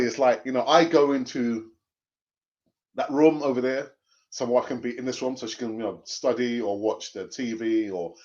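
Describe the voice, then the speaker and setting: A middle-aged man, hosting a fan live stream, animated and jokey, laughing often and repeating phrases. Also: mid-range voice. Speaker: fan channel host reading live chat. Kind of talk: casual live-stream chat. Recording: dull lo-fi sound.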